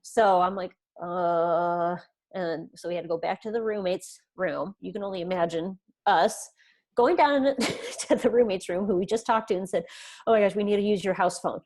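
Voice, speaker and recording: A woman's voice: medium pitch, moderate pace, darkish tone. A woman in her thirties, a podcast guest, earnestly telling a personal story and acting out what people said. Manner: earnest, retells events with quoted dialogue.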